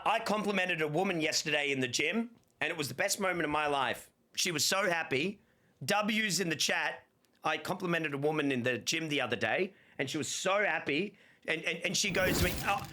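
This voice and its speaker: A man, chatting casually and telling rambling stories on a livestream with lots of slang. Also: high voice. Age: 30s. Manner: rambling, animated storytelling with playful slang. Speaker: streamer.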